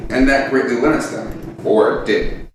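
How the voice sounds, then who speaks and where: A man's voice: mid-range voice, steady tone, moderate pace, recorded from a distance, background noise. A man co-hosting a casual tech show, laughing and trading crude jokes. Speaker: co-host. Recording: very echoey room, off-mic, music behind.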